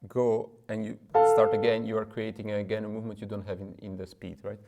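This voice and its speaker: Low-voiced man teaching piano technique. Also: flat delivery, a little fast, muffled recording. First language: French. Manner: explains in plain, slightly non-native English with many "right?" asides. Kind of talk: casual piano lesson with demonstrations. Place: room with a piano. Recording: speech over loud piano playing. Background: loud piano playing.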